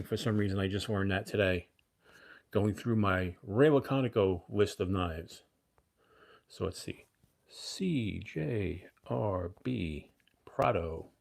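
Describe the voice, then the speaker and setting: A man in his fifties hosting a casual livestream, rambling and chatting with viewers. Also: lowish voice. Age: 50s. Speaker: livestream host.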